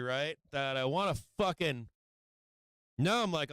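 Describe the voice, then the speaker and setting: A man's voice: a little high, unhurried, long pauses, clear, resonant tone, no echo. Brash, profane man calling live trades. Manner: profane, brash, excitable trash talk. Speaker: livestream trading host. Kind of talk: live market commentary.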